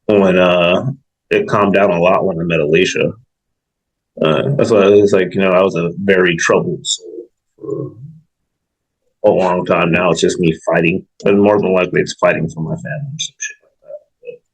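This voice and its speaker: A man talks bluntly in casual podcast chat with a gravelly, husky voice. His pitch sits very low, and he swears freely. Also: normal speed, low-quality recording.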